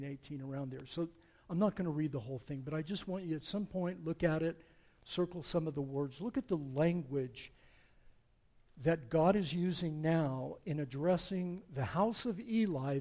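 A man pastor preaching a sermon, emphatic, calling his listeners folks and swinging from soft to loud. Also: on the high side.

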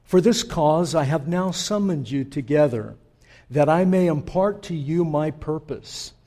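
A preacher puts on a pompous ancient Persian king, booming out his commands to his nobles. The voice rises above his usual speaking pitch and rolls out slow and grand, with a dark, mellow tone. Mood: commanding.

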